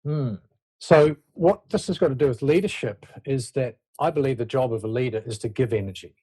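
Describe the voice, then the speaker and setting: A man guesting as a leadership expert speaks fairly quickly in a medium-pitched, mellow, slightly rough voice. His conversational interview answers are loose and reflective, with sentences he keeps restarting.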